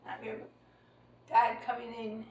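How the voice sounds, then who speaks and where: A woman in her sixties talks through an old family memory, rambling and hesitant with many fillers and restarts. Her voice sits fairly high. She sounds distant from the mic, in an echoey room. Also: monotone, brisk, a little mellow, highs cut off, slight background noise. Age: 60s. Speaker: storyteller recounting family memory. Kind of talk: casual family conversation.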